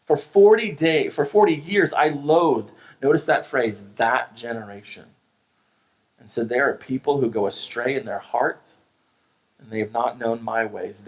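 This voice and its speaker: An American pastor delivers a sermon with an earnest, emphatic voice of ordinary, mid-range pitch. He presses his points hard and often restarts a phrase before pushing on. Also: rough recording. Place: church sanctuary.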